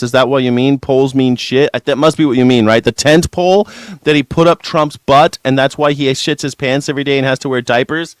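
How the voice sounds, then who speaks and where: A man's voice: fairly high pitch, dry recording. A man hosting a news reaction show, ranting in a sarcastic and profane way. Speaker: host.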